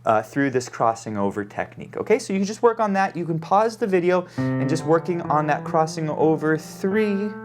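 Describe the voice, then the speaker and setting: A man's voice: a little high, expressive, moderate pace. A man giving a piano lesson, calling out note names and fingerings as he plays, checking in with the student. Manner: calls out note names while playing, frequent "okay?" check-ins. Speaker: piano teacher. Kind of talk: piano lesson, demonstrating at the keyboard. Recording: loud piano playing under the voice.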